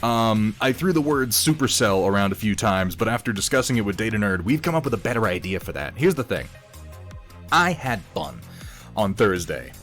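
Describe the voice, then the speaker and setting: A man with a fairly low, slightly bright voice, speaking at normal speed with big pitch swings, streams live while painting, faint music behind him. He rambles casually, pokes fun at himself, and greets viewers by reading out chat names.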